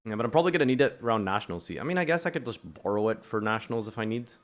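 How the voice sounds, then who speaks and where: A man's voice: lowish voice, expressive, very fast. A young British man streaming, chatting casually with a sarcastic, swearing manner. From United Kingdom. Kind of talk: casual chat with chat while playing.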